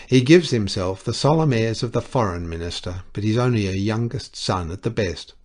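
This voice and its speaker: A proud young society wife, cutting and lazily mocking, as a man reads her in an audiobook. The voice stays fairly low, only lifted a little for her, and it sounds like a plainly read storybook rather than full acting. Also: animated, moderate pace, a little mellow. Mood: scornful.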